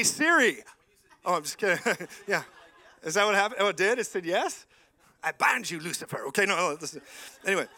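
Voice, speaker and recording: A man preaching a lively sermon in a church, telling stories and acting out the voices of people in them. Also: high-pitched. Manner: animated, jokey, acts out voices in stories. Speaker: guest preacher.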